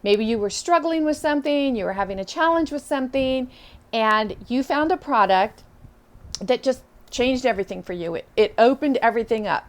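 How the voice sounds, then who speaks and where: A middle-aged woman coaching listeners in an encouraging, animated way, acting out their inner doubts. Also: high voice, quick pace, few pauses. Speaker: business coach. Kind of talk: motivational coaching talk.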